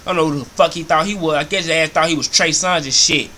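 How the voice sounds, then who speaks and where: A young man telling a profane comic story in an animated, repetitive rant. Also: a little high, quick pace, slight background noise. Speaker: comedy vlogger.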